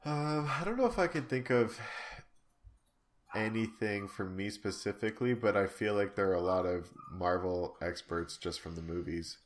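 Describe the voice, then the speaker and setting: Deep-voiced laid-back man. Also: normal speed, slight background noise. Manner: easygoing, laughs often, teasing. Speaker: podcast co-host. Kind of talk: casual chat.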